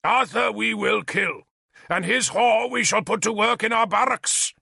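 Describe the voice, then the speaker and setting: Brief: a man voicing a vengeful warlord king in an audiobook, raised pitch, gravelly, shouted threats. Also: unhurried, no echo, studio quality, heavily acted. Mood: furious. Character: raging one-armed warlord king, cruel, vengeful.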